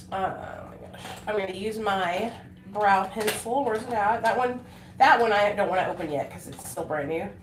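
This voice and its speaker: Speaking at a moderate pace in a mid-range voice, a woman chats on a casual livestream. She rambles emotionally with frequent fillers and restarts, and the recording has an echoey room with faint noise.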